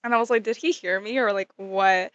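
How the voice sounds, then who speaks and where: A young woman vlogger telling a story in a casual, animated way, giggling often and saying "like" a lot. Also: mid-range voice, a little fast, no echo, highs cut off. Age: young adult.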